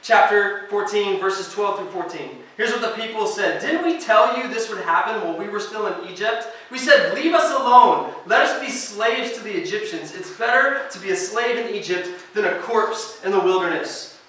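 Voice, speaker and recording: A man preaching a sermon to students as a youth pastor, shifting between hushed, slow emphasis and loud, urgent preaching. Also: high voice, animated. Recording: echoey hall heard from a distance.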